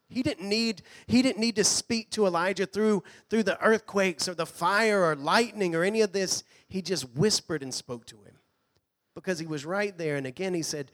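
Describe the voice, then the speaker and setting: A man preaching a sermon in a church, earnest, sometimes dropping to a hush. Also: sits high, expressive, normal speed. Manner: earnest preaching, drops to a hush on quoted lines. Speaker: pastor. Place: church hall.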